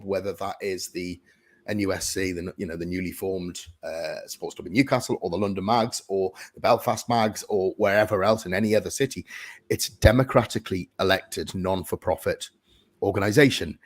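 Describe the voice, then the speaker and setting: Man, deep voice, trust representative, earnest, explanatory. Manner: earnest, explanatory, frequent fillers. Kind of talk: podcast guest Q&A.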